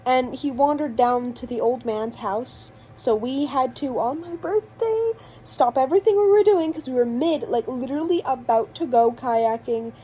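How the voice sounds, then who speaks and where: A woman's voice: high voice, normal speed, mellow, a little hiss or hum, low-quality recording. A teenage girl narrating her vacation vlog in a rambling, chatty way, full of fillers and restarts. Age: teens. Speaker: vlogger. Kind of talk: casual voice-over storytelling.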